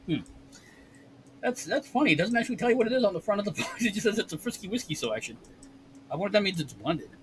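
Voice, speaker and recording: A man with a high, bright voice talks casually at a whiskey tasting. His pitch swings widely as he reads labels aloud and laughs often. Faint room noise sits behind him. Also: lively intonation, fast, poor audio. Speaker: whiskey lounge host.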